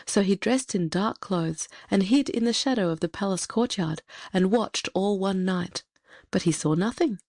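A woman narrating a fairy tale in a measured, expressive storytelling manner. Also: mid-range voice, dry recording, studio quality.

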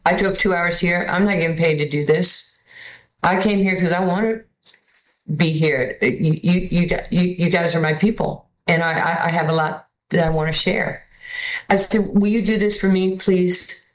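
A woman's voice: on the low side, moderate pace. A woman, telling stories casually as a guest and acting out the voices of the people she quotes. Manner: animated, acts out voices in quotes. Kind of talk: casual storytelling. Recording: echoey room.

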